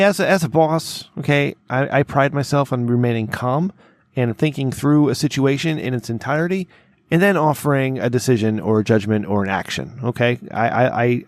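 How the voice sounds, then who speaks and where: A man's voice: medium pitch, dry recording. Man, podcast co-host, rambling storyteller, restarts a lot, dead-dry mic. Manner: rambling, repeats words, checks in with "okay?" and "right?". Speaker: workplace boss. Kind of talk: casual storytelling chat.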